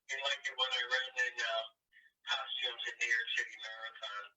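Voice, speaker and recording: A man's voice: mid-range voice, level tone, moderate pace, bright, forceful tone. A man in his sixties telling rambling stories with many fillers as an interview guest over a remote call. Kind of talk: casual interview storytelling. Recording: distant call audio.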